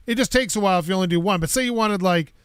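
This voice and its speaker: A man's voice: high voice, very fast, clear, resonant tone, dry recording, clean studio sound. A man casually talking through a block-building game on stream, rambling to himself and his chat as he plays. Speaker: gaming streamer. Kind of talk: casual gameplay commentary.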